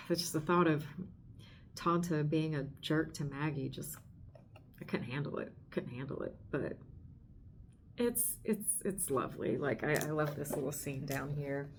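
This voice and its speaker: Emotional lady host gushing over a comic book, talks slow and kinda low, laughs a lot, trails off mid-sentence. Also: darkish tone, a little hiss or hum. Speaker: podcast host. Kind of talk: casual book discussion.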